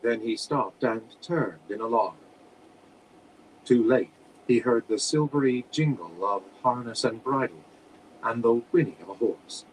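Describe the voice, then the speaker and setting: A man reads a fantasy novel aloud in a steady, plain manner at a middling pitch. A faint air-conditioner hum sits under the voice. The reading sounds like a home room. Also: unhurried, rough recording. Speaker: audiobook reader.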